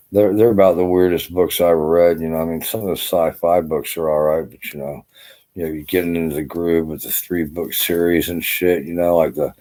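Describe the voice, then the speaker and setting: A man's voice: deep voice, dark tone. An older man, an army veteran, rambling through a casual vlog to camera, exhausted and swearing freely with endless "you know" fillers.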